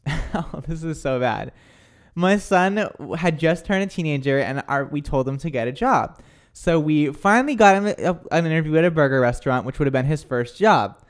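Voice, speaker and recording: A man's voice: on the high side, expressive, fairly quick, smooth. A man hosting a casual radio-style chat, reading listener texts aloud and laughing often. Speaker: host.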